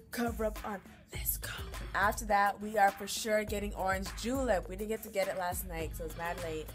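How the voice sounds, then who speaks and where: A young woman from Canada chatting casually to the camera in a vlog, slangy and excitable, laughing often. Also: on the low side. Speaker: vlogger.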